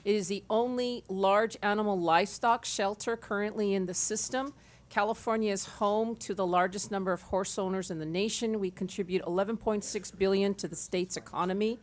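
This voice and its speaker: A woman's voice: medium pitch, steady tone, fairly quick. Woman pleading at a public hearing. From Los Angeles area. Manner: urgent, pleading. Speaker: public commenter.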